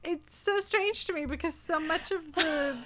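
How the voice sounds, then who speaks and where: A woman's voice: very high voice, unhurried, a bit bright. A woman in casual chat about a book, giving her take in a reflective way and thinking aloud. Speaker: podcast co-host discussing a book.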